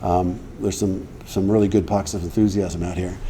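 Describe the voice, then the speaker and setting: A middle-aged man telling his personal recovery story to a meeting, conversational, acting out the dialogue he quotes and clearing his throat often. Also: low-pitched, steady tone, normal speed, dark tone, a little hiss or hum.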